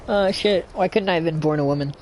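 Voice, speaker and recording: A man's voice: high voice, a little hiss or hum. A young man casually commenting while live-streaming a fantasy game, swearing and rambling with frequent laughter. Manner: profane, giggly, rambling.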